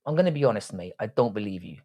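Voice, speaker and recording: A man's voice: on the low side, lively intonation, rapid-fire, dark tone. A man hosting a casual livestream, reading out chat comments and bantering crudely, with frequent swearing.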